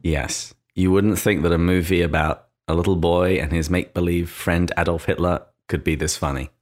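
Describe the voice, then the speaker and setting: A man's voice: low voice, steady tone, normal speed, darkish tone. A man with an English accent, co-hosting a podcast in an easygoing, chatty way. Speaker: podcast co-host. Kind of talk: casual chat.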